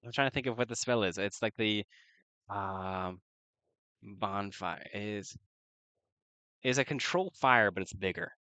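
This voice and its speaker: A man's voice: fairly low pitch, measured pace, pauses often, sharp tone, no room sound. A man playing a tabletop game, chatting casually, thinking aloud and laughing easily. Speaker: player. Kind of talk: casual tabletop role-play chat.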